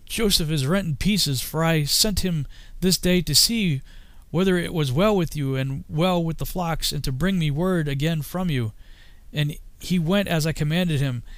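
A man's voice: a little high, normal speed, no room sound, close to an everyday voice. A man voicing a grieving old father who laments his lost son in a raised, anguished voice.

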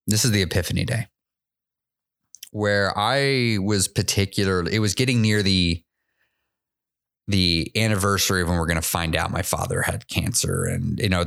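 Guy with a lowish voice rambling thru a personal story, stops and restarts a lot, chuckles at himself. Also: vocal fry, a bit bright. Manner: candid, halting, repeats words, laughs at himself. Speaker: podcast host.

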